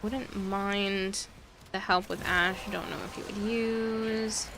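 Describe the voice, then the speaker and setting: A woman's voice: medium pitch, steady tone, slow, a bit bright, slight background noise. A woman streaming a game, chatting casually and reading viewer messages aloud with fillers and asides. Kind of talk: casual livestream chat.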